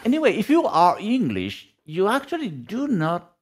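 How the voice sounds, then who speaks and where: A man's voice: high voice, wildly swooping pitch, moderate pace. A man from Italy with an Italian accent, a guest in a casual podcast chat, sometimes searching for English words.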